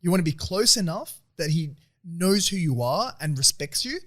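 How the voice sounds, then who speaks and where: A young man co-hosting a podcast, animated and sweary, arguing with rhetorical questions in casual chat. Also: high voice. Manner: quick, animated, swearing, argues his point with rhetorical questions. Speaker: podcast co-host.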